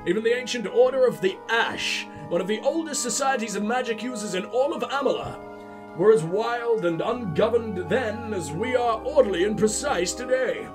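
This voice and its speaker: A sick man reading game lore aloud in an old male scholar voice, slow and solemn. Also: sits high, over music, close to an everyday voice.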